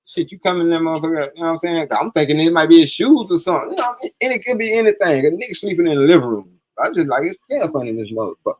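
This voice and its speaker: A man's voice: on the high side, rapid-fire, few pauses. A man telling a personal story in casual, profane talk on a live stream, acting out the lines of the people in it. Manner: profane, animated, acts out quoted dialogue.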